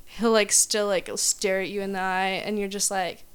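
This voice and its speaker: A woman's voice: mid-range voice, little pitch movement, normal speed, clean tone. A young woman chatting as a podcast guest, giggly and rambling, with many likes and ums. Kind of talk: casual podcast chat.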